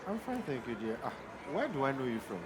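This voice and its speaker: A man with a Ghanaian accent playing a kind, devout young Christian who talks earnestly and gently preaches, in an amateur church drama. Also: medium pitch, big pitch swings, brisk, over a noisy crowd, natural voice. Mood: warm, encouraging.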